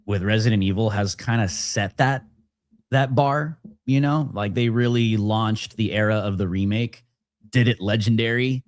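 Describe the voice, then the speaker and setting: A man with a lowish voice talks eagerly on a casual podcast, piling on restarts and repeating himself as he rambles. The sound is dry and close. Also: normal speed, dry recording. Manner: excited, rambling, many restarts. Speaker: guest.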